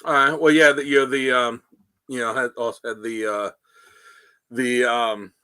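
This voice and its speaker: A man co-hosting a podcast, with a bright, tense-edged voice recorded close and dry. He rambles through his stories, leaning on fillers and restarts. The talk is loose and casual. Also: mid-range voice, fairly even intonation, normal speed, clean tone, no room sound. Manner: rambling, many "you know" fillers. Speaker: podcast co-host. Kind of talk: casual chat, retelling comic scenes.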